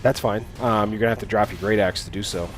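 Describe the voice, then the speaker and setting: A man's voice: on the low side, fairly even intonation, fast, faint music behind. A man narrating as dungeon master in casual, hesitant talk full of fillers. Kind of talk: narrating a tabletop game.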